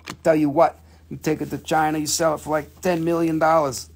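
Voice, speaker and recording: A man hosting a live crystal sale, joking crudely and playfully while pitching prices. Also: little pitch movement, fairly quick, creaky. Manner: crude, playful, prone to silly voices and jokes. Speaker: host selling crystals on a live stream.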